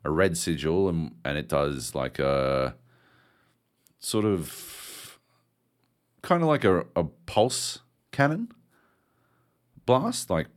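Slow, animated, cursing game podcaster. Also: male voice, deep voice. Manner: profane, animated storytelling. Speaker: podcast co-host. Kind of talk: casual chat about video games.

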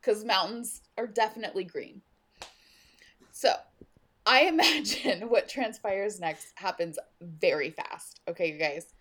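A woman's voice: mid-range voice, measured pace. A woman co-hosting a podcast, retelling a book scene in casual chat and using "like" a lot. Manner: animated storyteller, uses "like" a lot. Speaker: podcast co-host.

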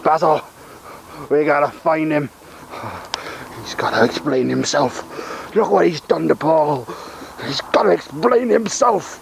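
Man playing a fretful, angry friend for an audio drama; a slightly high voice, a touch of hiss. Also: slow pace, gravelly. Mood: indignant. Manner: anxious, exasperated, with swearing outbursts. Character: worried, indignant man helping his friend.

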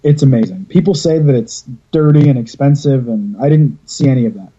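A man chats on a podcast over a video call, drifting through long stories with plenty of casual swearing. His voice is very dark and a little husky. The call audio sounds dull and lo-fi. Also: mid-range voice, fairly quick. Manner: rambling storyteller, swears freely. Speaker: podcast host.

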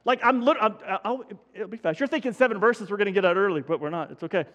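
Folksy pastor guy preaching in a church, kinda high voice, lots of echo off the hall. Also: quick pace, fairly bright tone, highs cut off. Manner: folksy, self-deprecating, many restarts. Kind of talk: sermon. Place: church sanctuary.

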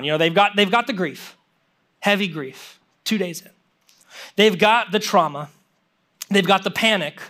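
High, bright-voiced young male preacher. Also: moderate pace. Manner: animated and conversational, full of casual fillers. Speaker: pastor. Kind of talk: sermon.

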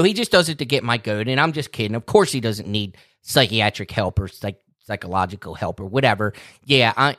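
A Baltimore-accented man from Maryland co-hosts a casual podcast chat, his fairly low voice a little fast. Animated and joking, he gets worked up, all captured in a dry, clean studio recording.

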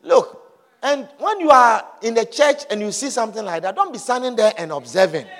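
A man preaching a sermon with emphatic repetition and sudden shouted lines. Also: very high-pitched, expressive, a little fast, long reverb tail, slight background noise. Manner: emphatic, repeats phrases, bursts into shouts.

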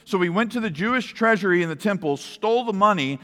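A man's voice: high voice, expressive, quick pace, fairly bright tone. A man preaching a sermon in a church, reading scripture and then explaining it in an earnest, conversational way with asides to the congregation. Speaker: pastor. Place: church sanctuary. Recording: long hall reverb.

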